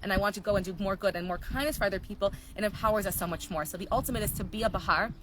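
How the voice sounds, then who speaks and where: A woman teaching a live class, telling stories in an animated, earnest way. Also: mid-range voice, racing, background noise. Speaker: Torah teacher.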